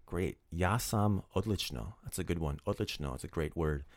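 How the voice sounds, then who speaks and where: A man's voice: low voice, normal speed, dry recording, studio quality. A man teaching a casual podcast language lesson, upbeat and playfully teasing his student.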